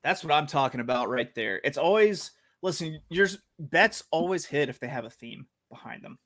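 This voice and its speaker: A man co-hosting a casual sports betting podcast, hyped and jokey, getting loud when he reads out names. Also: on the high side, lively intonation, moderate pace. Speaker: podcast co-host.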